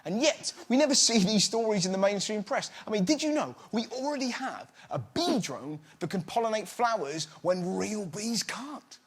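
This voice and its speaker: A man doing stand-up as host, animated and mock-outraged, shouting his punchlines. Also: high-pitched, moderate pace, hardly any pauses, slightly rough. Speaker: comedian host. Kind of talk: stand-up comedy. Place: TV studio with live audience. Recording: loud studio audience laughter.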